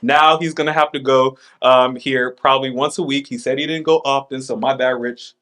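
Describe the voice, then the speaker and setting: A man's voice: medium pitch, fairly even intonation, normal speed, a bit bright. A man hosting a casual chat, reading items aloud with playful asides and laughs. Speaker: podcast host.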